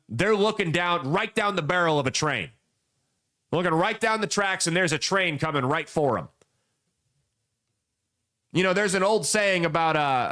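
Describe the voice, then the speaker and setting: Higher-voiced man in blunt political commentary. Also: fairly bright tone. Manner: folksy, emphatic storytelling. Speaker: podcast host.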